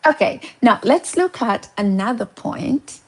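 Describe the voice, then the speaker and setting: A woman's voice: on the high side, animated, measured pace, slightly rough. A woman teaching English in a casual spoken lesson, full of encouragement, who poses questions and answers them herself.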